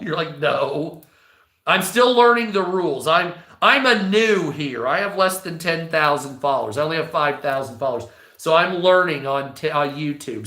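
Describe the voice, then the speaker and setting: A man's voice: on the high side, sharp tone, reverberant. A man in his forties ranting casually on a livestream, swearing a lot and rambling. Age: 40s. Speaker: livestream host.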